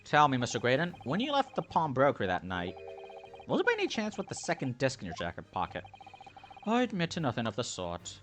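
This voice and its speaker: A man's voice: mid-range voice, huge pitch swings, a little fast, a bit bright. A man voicing an earnest young male defense attorney in a game let's play.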